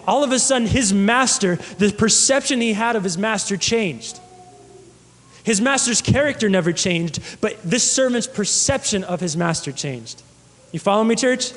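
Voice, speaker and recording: During a sermon in a large hall, a high-voiced pastor shares stories and poses questions to the congregation.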